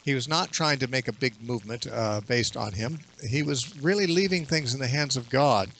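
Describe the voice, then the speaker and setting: Male bible teacher, radio guest, steady explanatory delivery, mid-range voice. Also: mid-range voice, creaky, a little hiss or hum. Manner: explanatory, measured, quotes scripture at length. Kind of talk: radio interview.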